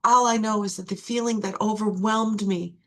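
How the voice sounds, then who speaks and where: A woman's voice: mid-range voice, steady tone, normal speed, a bit bright. A middle-aged woman sharing her recovery testimony, earnest and repeating key phrases for emphasis.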